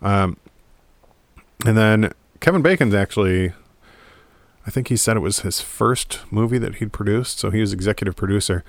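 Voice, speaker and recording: A man's voice: fairly low pitch, moderate pace, dry recording. A man chatting casually and irreverently about a movie at home, rambling, swearing and laughing often. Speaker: movie commentator. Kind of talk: casual movie chat to camera. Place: home room in front of a DVD rack.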